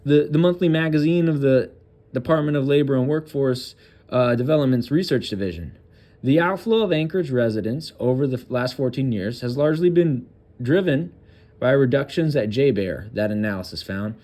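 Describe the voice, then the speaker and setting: A man hosting a political commentary channel, reading a news article aloud and breaking off for crude, sarcastic asides, with halting restarts. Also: medium pitch, animated, dark tone.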